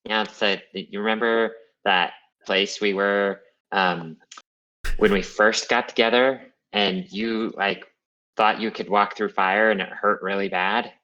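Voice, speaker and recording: A man's voice: fairly low pitch, fairly even intonation, a little slow, sharp tone, dull audio. A man role-playing his character in a tabletop game, talking in a hesitant, earnest way with many fillers. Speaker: player.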